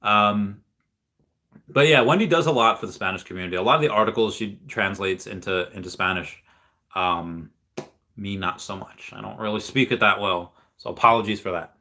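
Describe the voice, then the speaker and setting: A young man hosts a relaxed livestream, rambling cheerfully and answering viewer comments as they come in. His voice sits low but sounds bright and forward. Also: normal speed. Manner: rambling, upbeat, reads viewer comments aloud. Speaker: livestream host reading chat. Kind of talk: casual livestream chat.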